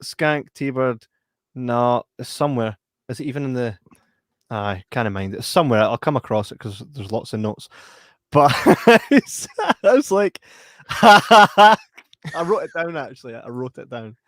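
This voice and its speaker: Giggly man with a lively voice. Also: mid-range voice, moderate pace, no room sound, studio quality. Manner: laughs a lot, acts out film scenes with loud yelps. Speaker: podcast co-host. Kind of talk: casual podcast chat.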